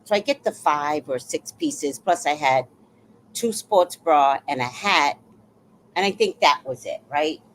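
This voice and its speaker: A woman's voice: low voice, unhurried, slight background noise, low-quality recording. A woman telling a personal story in a casual monologue, acting out what others said. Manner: animated, acts out quoted voices.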